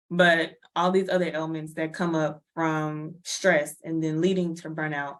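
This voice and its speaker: A woman's voice: low-pitched, steady tone, moderate pace, few pauses. A woman presenting a wellness workshop in a chatty, casual way, laughing often and acting out little everyday scenes. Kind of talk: casual lecture.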